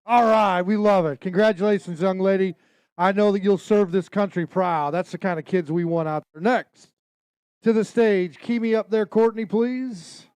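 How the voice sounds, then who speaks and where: A man's voice: sits high, normal speed, a little mellow, clear, resonant tone, no echo. A man emceeing a fishing tournament weigh-in, announcing weights and joking energetically with anglers and the crowd. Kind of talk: live event announcing.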